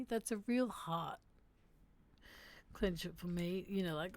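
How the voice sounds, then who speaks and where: In an easygoing, reflective stream chat, a woman with a mid-range voice reads statements aloud at normal speed, leaving long pauses. Her reactions are frank and emotional.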